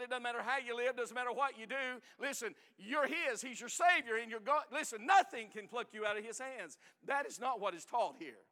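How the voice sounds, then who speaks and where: A man preaching with a very high, bright, forceful voice. He drives his points home in emphatic bursts, slowing to stress key phrases. His voice carries a long church reverb. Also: smooth. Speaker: pastor. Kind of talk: sermon.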